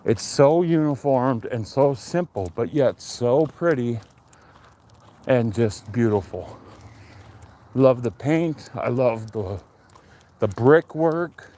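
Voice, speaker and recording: A man in his forties on a casual live stream, chatting in a relaxed, rambling and enthusiastic way. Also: mid-range voice, takes it slowly, pauses often. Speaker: livestream host. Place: outdoors on a neighborhood street. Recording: faint outdoor street noise.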